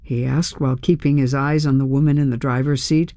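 A woman reading a first-person audiobook in a measured way, with tense dramatic pauses. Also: a bass voice, steady tone, mellow, no echo, studio quality. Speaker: audiobook narrator.

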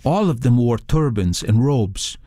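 Brief: male narrator voicing young male eyewitness, plain, lively delivery, dry. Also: mid-range voice, measured pace, no echo. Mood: recounting. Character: young male eyewitness, a mechanic recounting calmly.

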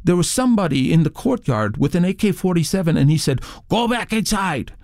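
A man's voice: high voice, very animated, a little fast, darkish tone, no echo, clean studio sound, pitched above the performer's own voice. A man reading the quoted words of a hotel receptionist with urgent, raised delivery. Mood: shaken. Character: hotel receptionist, shaken, recalling gunman.

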